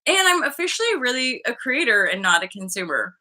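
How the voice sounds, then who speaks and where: Bubbly woman in her thirties, bright voice. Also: medium pitch, sing-song, a little fast. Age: 30s. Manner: bubbly, swears a lot, laughs often; acts out voices in her stories. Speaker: host. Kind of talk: casual live-stream chat.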